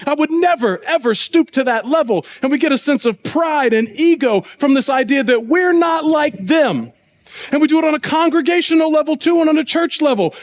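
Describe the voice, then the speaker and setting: A man with a strikingly high voice preaches a sermon in a church. He tells the story, acts out the quoted voices, and sinks low and quiet for the solemn points. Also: animated, moderate pace.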